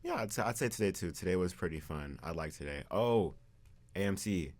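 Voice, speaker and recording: Deep-voiced laid-back teen boy. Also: animated, a little fast, darkish tone. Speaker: student interviewer. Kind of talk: casual chat.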